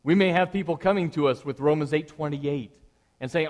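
A middle-aged male pastor delivers a sermon with a slightly raised pitch. He talks it through conversationally, leaning into animated emphasis as he explains. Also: fast talker.

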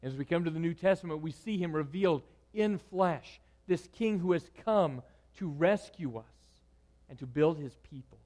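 A man preaching a sermon, moving between loud, emphatic lines and hushed, quiet ones. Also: on the high side, expressive, normal speed. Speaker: pastor.

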